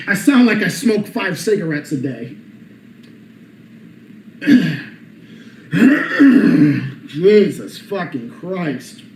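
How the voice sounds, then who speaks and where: High-voiced man ranting in an echoey room. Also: big pitch swings, extremely slow, vocal fry, pauses often, slight background noise. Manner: heated, profane ranting. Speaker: channel host. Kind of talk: livestream rant. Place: apartment room.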